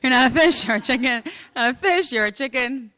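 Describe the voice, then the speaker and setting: A woman's voice: high-pitched, lively intonation, a little fast, bright, forceful tone, no echo. A woman voicing a sly, cheerful man in a told joke, answering in a matter-of-fact, cheeky way. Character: sly, cheerful middle-aged man outwitting a priest.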